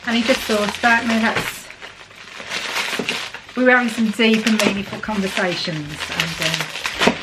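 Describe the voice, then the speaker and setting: A middle-aged English woman from the UK, chatting warmly and emotionally as she opens a parcel for her vlog. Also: mid-range voice, steady tone, a little slow, pauses often, heavy background noise. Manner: chatty, gushing, emotional, laughs often. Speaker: vlogger. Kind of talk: casual chat while opening a parcel.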